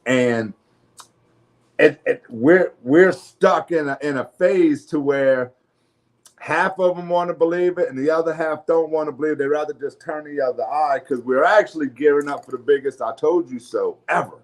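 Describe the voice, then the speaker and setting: A man's voice: fairly high pitch, moderate pace. A man with a New Orleans accent hosting a casual podcast, talking loosely, laughing and swearing freely with frequent restarts. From New Orleans area. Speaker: podcast host.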